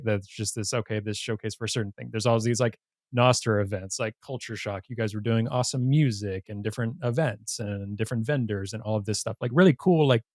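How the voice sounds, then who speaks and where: A man's voice: fairly low pitch, no room sound, studio quality. A man hosting a podcast, chatting casually and with enthusiasm, laughing easily. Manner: enthusiastic, giggly, quick to laugh. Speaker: podcast host. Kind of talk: casual interview chat.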